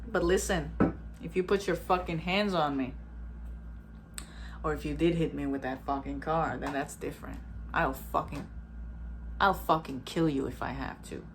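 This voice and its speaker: A woman in her twenties, a vlogger with a low voice, talks straight to camera at a moderate pace in a blunt, emphatic way, swearing freely. Her casual spiritual monologue has her animatedly acting out others in her stories, with slight background noise.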